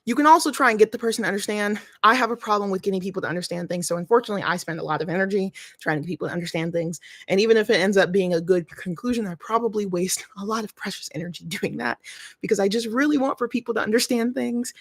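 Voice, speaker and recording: A woman's voice: mid-range voice, very fast, dry recording. A woman hosting a casual livestream from her family home, chatty and a bit short of breath, thinking aloud and restarting her sentences. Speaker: livestream host.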